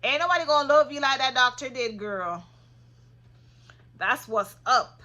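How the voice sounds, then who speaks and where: A woman casually recapping a reality show, sassy and opinionated, getting loud when she gets passionate. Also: high voice, lively intonation, a little slow.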